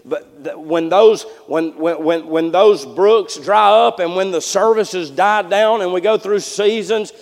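Male pastor, high tenor voice, folksy sermon delivery full of restarts, church reverb. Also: unhurried, hardly any pauses. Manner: folksy, repetitive restarts, swings from hushed to loud. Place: church sanctuary. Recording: long hall reverb.

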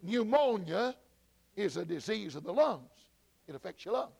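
A man teaching a church Bible study, talking slowly with many fillers and repeated words, and calling out to people at the back of the room. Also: high-pitched, big pitch swings, creaky, darkish tone, husky. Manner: slow, repetitive teaching with frequent fillers and restarts.

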